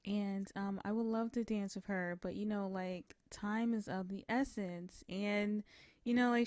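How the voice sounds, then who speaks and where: With clean studio sound and no echo, a young woman narrates a life-sim game in a steady, slightly mellow, medium-pitched voice at a measured pace. Her let's-play narration is casual and rambling, thick with "you know, like."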